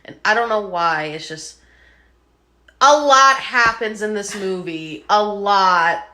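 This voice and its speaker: A woman's voice: mid-range voice, slow pace, pushed and bright. A woman co-hosting a casual podcast, chatty and full of fillers, swearing now and then. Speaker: podcast co-host.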